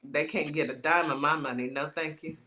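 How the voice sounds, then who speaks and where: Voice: mid-range voice, steady tone, a little fast, pushed and bright. A podcast co-host in casual chat, reacting with lots of questions.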